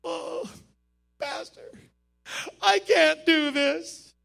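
A tearful, panicky man pleads in a high, bright, strained voice, as a preacher acts him out. He sounds distraught and breaks off mid-sob. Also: expressive, a little slow, creaky, exaggerated voice. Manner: sobbing, pleading.

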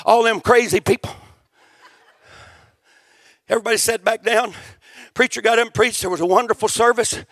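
A man preaching a sermon with a very high voice and a gravelly edge. He tells his story in a folksy way and builds to fervent shouts. The sound is dry and close. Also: steady tone, moderate pace, long pauses, no room sound. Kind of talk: sermon testimony.

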